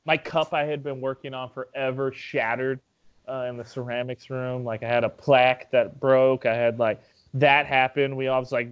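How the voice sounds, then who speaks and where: This young podcast host swaps stories casually, swearing, laughing, and springing up in pitch while acting out his scare. Otherwise his delivery is flat at normal speed, with a clean tone and the highs cut off.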